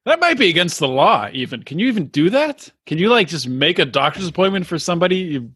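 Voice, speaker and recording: A man's voice: on the high side, sing-song, fast talker, fairly bright tone, breathy edge, no echo. A man co-hosting a podcast in casual chat, asking incredulous questions. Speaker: podcast co-host.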